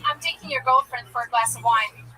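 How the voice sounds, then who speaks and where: A woman's voice: fairly high pitch, wildly swooping pitch, a little fast, bright, forceful tone. A young woman from Portugal, a stand-up comedian, trading blunt teasing jokes on a comedy show. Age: young adult. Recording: music, voice far from mic.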